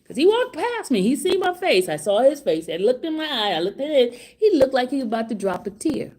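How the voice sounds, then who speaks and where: A middle-aged woman vlogging casual commentary outside a courtroom, excited and laughing, repeating herself. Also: sits high, brisk. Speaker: trial vlogger. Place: outside a courtroom, hallway area.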